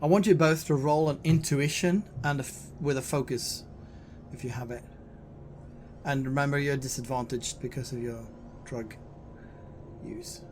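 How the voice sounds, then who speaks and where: A man narrating a tabletop horror game as game master, speaking English as a second language, halting and repeating words as he goes. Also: mid-range voice, fairly even intonation, darkish tone, a little hiss or hum. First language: Swedish.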